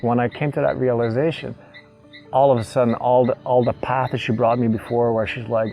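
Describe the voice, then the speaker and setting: A young man telling an emotional personal story, halting and repeating words as he chokes up with tears. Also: mid-range voice, little pitch movement, creaky, soft background music, low-quality recording. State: tearful. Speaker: vlogger.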